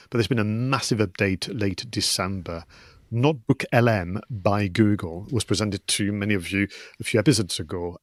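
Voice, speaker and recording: A man's voice: on the low side, dry recording, studio quality. A man hosting a business podcast, presenting segments in an upbeat, chatty way with some hesitations. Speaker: podcast host. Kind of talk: casual podcast chat.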